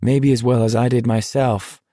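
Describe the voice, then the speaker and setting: A man voicing a confiding teenage boy walker, gravelly. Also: medium pitch, steady tone, moderate pace, dry recording, studio quality, close to an everyday voice. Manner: confiding, rambling, quietly hurt. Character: teenage boy on a deadly endurance walk, earnest.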